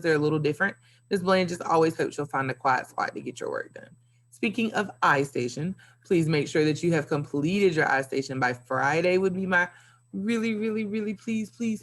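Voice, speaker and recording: A woman's voice: deep voice, a bit bright. A woman teacher giving a recorded video lesson to young pupils, upbeat and playful with sing-song emphasis. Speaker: elementary school teacher.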